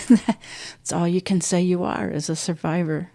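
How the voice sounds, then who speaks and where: Older woman recounting loss, halting and soft. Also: steady tone, vocal fry, dry recording. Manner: halting, restarts often, voice drops low and soft at painful moments. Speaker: podcast guest. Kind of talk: emotional personal storytelling.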